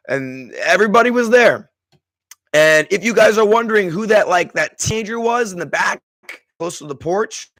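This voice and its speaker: A man's voice: fairly high pitch, a bit bright, no echo. A man hosting a live stream, talking through a film with his chat in an effusive, emotional way, with many restarts. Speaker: streamer and host. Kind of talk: live movie discussion with chat.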